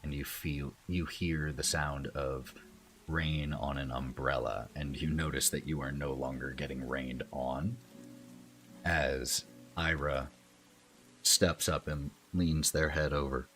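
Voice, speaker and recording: A man as game master, narrating a tabletop role-playing scene in a slow, calm, descriptive way. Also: very deep voice, faint music behind.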